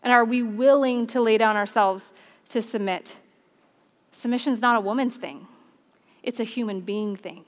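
A woman in her thirties delivers a sermon to her church. Her voice sits high, and her manner is warm and chatty as she moves between personal stories and read scripture. The sound carries a long reverb from the church hall. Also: normal speed, long pauses. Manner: expressive, conversational, reads scripture aloud. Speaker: preacher.

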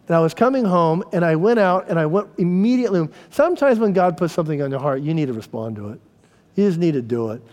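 A man's voice: fairly high pitch, darkish tone, long reverb tail. A middle-aged man sharing a personal testimony in church, with a folksy, storytelling manner. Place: church hall.

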